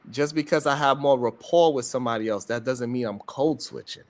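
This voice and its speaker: A man's voice: medium pitch, fairly quick, hardly any pauses. A man with a New York accent, arguing his point in a casual live-stream debate and often cutting in with "hold on". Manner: argumentative, keeps repeating "hold on" to hold the floor.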